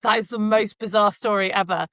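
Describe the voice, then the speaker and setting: A woman's voice: medium pitch, fairly even intonation, a little fast, fairly bright tone, no echo. A woman, co-hosting a podcast and telling stories in a casual, rambling way with many fillers. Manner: chatty storyteller, frequent fillers. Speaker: podcast co-host. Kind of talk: casual chat. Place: Canada.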